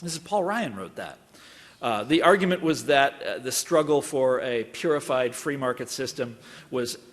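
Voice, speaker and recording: A man's voice: mid-range voice, lively intonation, moderate pace. A middle-aged man from Kansas giving a public university lecture in a wry, conversational, digressive way. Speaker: guest lecturer. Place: large lecture hall. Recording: long reverb of a lecture hall.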